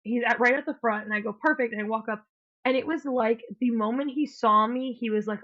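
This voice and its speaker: Woman podcast co-host, chatty storyteller, slightly high voice, muffled lo-fi sound. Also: a little fast. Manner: animated storyteller, acts out quotes, swears. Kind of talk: casual storytelling chat. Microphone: podcast mic, remote call.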